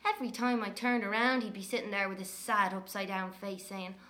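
Bright-voiced blunt Irish woman actress narrating. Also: medium pitch, little pitch movement, lightly acted. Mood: candid, wry. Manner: brisk, earthy storytelling with cursing. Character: blunt, sharp-tongued Irish woman remembering childhood. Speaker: narrator recalling her twin brother. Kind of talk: dramatic first-person narration.

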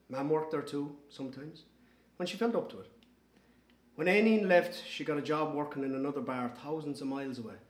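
An actor voicing a gentle, sensitive Irish man who narrates softly and tenderly about his sister. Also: a little high, reverberant, close to an everyday voice. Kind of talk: dramatic first-person narration.

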